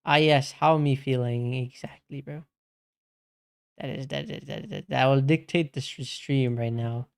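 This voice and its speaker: A man's voice: mid-range voice, steady tone, a little slow, gravelly, clear, resonant tone. A man streaming casually, chatting slangily and calling everyone bro while answering his chat.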